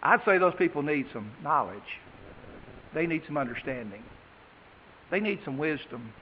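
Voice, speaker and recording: A man preaching a sermon, reading scripture slowly with emphasis and then talking plainly to his congregation. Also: fairly high pitch, animated, slight background noise. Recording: dull, echoey hall.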